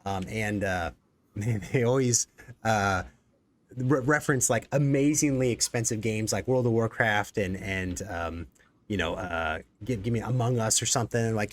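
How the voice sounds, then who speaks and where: A man's voice: lowish voice, normal speed. Rambling jokey male stream host. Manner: rambling, jokey, many fillers. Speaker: executive producer and stream host. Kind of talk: casual live-stream chat.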